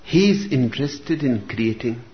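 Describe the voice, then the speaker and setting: Very slow, deliberate male spiritual teacher. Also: medium pitch, expressive. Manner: very slow, deliberate, with long pauses between phrases. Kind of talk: slow reflective discourse. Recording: dull lo-fi recording with faint room noise.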